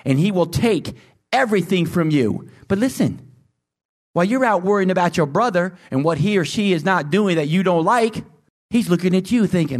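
A male pastor delivers a sermon in a voice pitched a little high. He pushes each point with emphasis and keeps calling out questions to his listeners. His delivery swings from loud, soaring lines to low, intense asides. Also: expressive, fairly quick. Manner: emphatic preaching with call-and-response questions.

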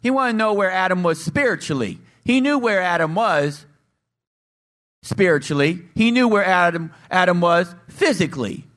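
A man's voice: high-pitched, moderate pace. A man preaching a sermon, putting questions to the congregation and acting out the voices of the people in his story. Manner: animated, acts out voices and asks the congregation questions.

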